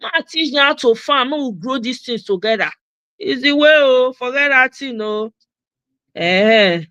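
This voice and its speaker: A Nigerian woman hosting a casual livestream, her voice bright and a little high. She speaks emphatically and slips between Pidgin and English. The sound is dry and close. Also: expressive, moderate pace, no echo. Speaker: host.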